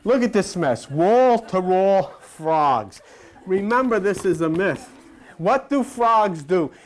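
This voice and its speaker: A male preacher delivering a loose, conversational sermon, his voice leaping up and down in pitch. He tells stories with gusto, slipping into quoted characters and even croaking like a frog. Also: slow pace. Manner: animated, folksy storytelling with sudden pitch swings. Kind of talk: informal sermon.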